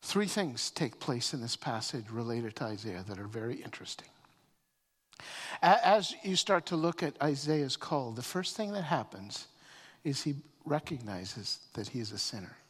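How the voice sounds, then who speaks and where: A man preaching a sermon as pastor, often repeating words as he starts phrases and swinging between loud emphasis and quiet. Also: medium pitch, animated, moderate pace, husky. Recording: long reverb of a hall.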